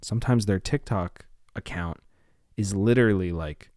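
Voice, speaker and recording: Low-voiced man with a slight lisp. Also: normal speed, darkish tone, dry recording, studio quality. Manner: rambling, drifts off topic and back. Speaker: podcast host. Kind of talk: casual solo podcast rambling.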